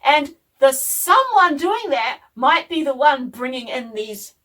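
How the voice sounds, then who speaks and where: A calm, diplomatic mother, put on by a woman telling a story, her voice lifted high above the teller's own. She lays out her point sweetly and slowly, leaning on words. The voice sits a little distant from the mic. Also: heavily acted.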